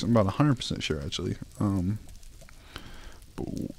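A young gaming YouTuber with a lowish voice narrates his own gameplay at normal speed in a let's play, with slight background noise. He laughs a lot, swears, and pleads with the game.

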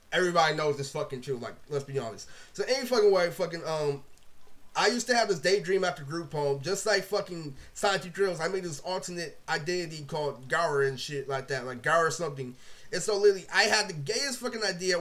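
Fast bright-voiced young man ranting. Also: on the high side. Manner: heavy profanity, rambling, lots of 'literally' and 'like'. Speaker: vlogger. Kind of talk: ranting monologue to camera.

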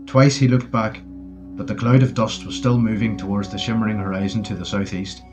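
A man narrating a wartime adventure audiobook in a steady storytelling voice. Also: fairly low pitch, brisk. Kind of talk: scripted narration. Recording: dull lo-fi with faint music.

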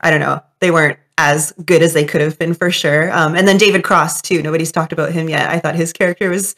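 Chatty woman with a lowish voice. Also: steady tone, fast talker, a bit bright. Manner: chatty, laughs easily. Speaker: movie review co-host. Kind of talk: casual movie review chat.

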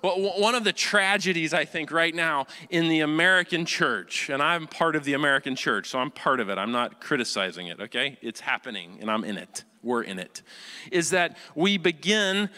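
A man's voice: a little high, expressive, moderate pace, bright, forceful tone, big-room sound. A male pastor preaching a sermon, emphatic, often asking the congregation rhetorical questions. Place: church sanctuary.

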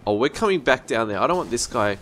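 Excitable man yelling at a game. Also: mid-range voice, fast, slight background noise. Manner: excitable, yelps and swears at the game. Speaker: let's-play gamer. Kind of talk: gameplay commentary.

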